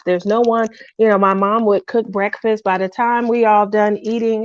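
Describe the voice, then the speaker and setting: In casual, slow livestream chat, a middle-aged woman who feels lonely and down talks about crafts, trailing between ideas and saying hello to viewers by name. Her medium-pitched voice is picked up by a dry, slightly muffled home mic without echo.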